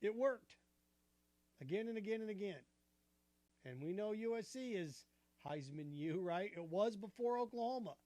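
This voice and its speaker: Sports talk host, male, high-pitched, punchy and argumentative, close dry mic. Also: normal speed, long pauses, no room sound. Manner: animated, argumentative, rhetorical questions. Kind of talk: opinionated sports commentary.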